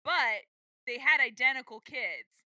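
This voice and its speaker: Bright, animated woman podcast co-host. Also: sits high, no echo. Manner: enthusiastic, rambling, quick asides. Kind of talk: casual chat.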